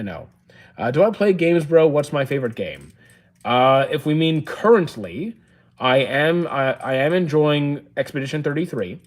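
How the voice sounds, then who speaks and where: A young man, live-streaming and casually answering chat questions, chatty and relaxed with lots of fillers and restarts. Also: on the high side. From Canada.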